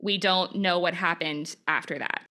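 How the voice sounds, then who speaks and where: A woman's voice: lowish voice, steady tone, moderate pace, bright, forceful tone. A woman hosting a podcast, recounting case details in casual chat with plenty of fillers. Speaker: podcast host. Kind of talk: casual true-crime chat.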